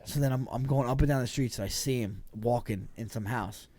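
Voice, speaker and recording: A man from New Jersey, a former football player guesting on a podcast, telling stories in a swearing, animated, stumbling way. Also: mid-range voice, dry recording. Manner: profane, animated storyteller with quick restarts. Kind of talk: casual storytelling chat.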